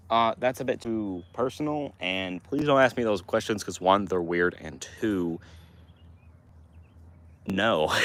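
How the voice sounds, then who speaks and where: Teen male streamer, low-ish voice, loose and rambling while reading chat. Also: fairly bright tone. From Montana, US. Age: teens. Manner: rambling, with restarts and fillers. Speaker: livestream host answering chat. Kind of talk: casual livestream chat.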